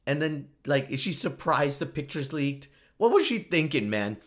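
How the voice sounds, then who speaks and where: A man's voice: fairly high pitch, very animated, normal speed. A man giving a casual, joking commentary monologue, often laughing at himself. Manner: joking, self-mocking, frequent laughs. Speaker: vlogger.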